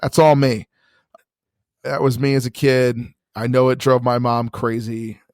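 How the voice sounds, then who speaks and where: A man's voice: medium pitch, level tone, normal speed, no echo, clean studio sound. A man co-hosting a casual podcast, telling stories in a frank, profane way. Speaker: podcast co-host.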